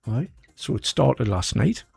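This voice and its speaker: A man's voice: mid-range voice, very animated, measured pace, creaky, a little mellow, slightly rough. A man co-hosting a radio show, chatting casually and rambling with lots of fillers. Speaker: radio co-host. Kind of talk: casual chat.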